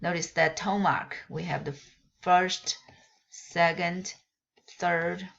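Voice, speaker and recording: Slow, patient woman teaching tones. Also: fairly low pitch, fairly even intonation, gravelly, a bit bright. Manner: sounds out syllables slowly with exaggerated tones; patient, repeats herself, loose unscripted phrasing. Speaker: Chinese language teacher. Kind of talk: slow spoken lesson. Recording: dull lo-fi sound.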